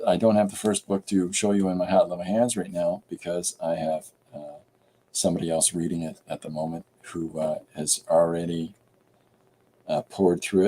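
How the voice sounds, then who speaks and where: Middle-aged man from Canada, low voice, rambling streamer chat with a faint hiss behind. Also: dark tone, low-quality recording. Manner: chatty and rambling, with many fillers. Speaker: comic artist and live streamer. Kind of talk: casual live stream chat.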